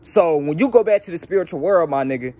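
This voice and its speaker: A young man hosting his own channel, talking casually and profanely about spiritual ideas, animated and slipping into mocking voices. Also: a little high, fast. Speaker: YouTube channel host.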